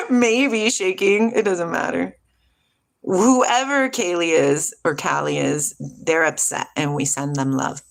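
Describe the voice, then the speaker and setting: A woman's voice: takes it slowly, vocal fry. A middle-aged woman hosting a casual spiritual livestream, reading viewers' comments aloud and answering them with lots of laughter. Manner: animated, laughs often, jumps between hushed and high. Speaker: livestream host reading chat.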